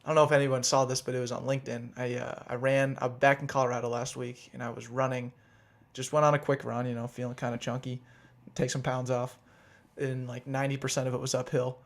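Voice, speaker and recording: A man's voice: medium pitch, flat delivery, quick pace, gravelly. A man co-hosting a podcast in casual chat, rambling through upbeat banter with restarts. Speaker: podcast co-host.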